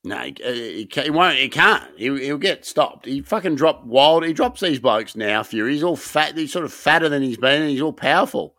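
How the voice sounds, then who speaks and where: A man chats crudely on a podcast, rambling and throwing in mocking impressions. His voice is bright and a touch high. The sound is close and dry. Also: animated, brisk, few pauses, dry recording. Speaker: podcast co-host. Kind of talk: casual banter about boxing.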